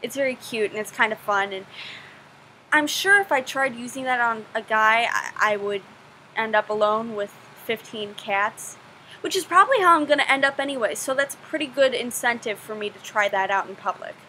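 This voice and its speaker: A woman's voice: a little high, lively intonation, normal speed, pushed and bright, a little hiss or hum, poor audio. A young woman answering viewer questions in a casual vlog, chatty and self-deprecating, gushing about things she loves.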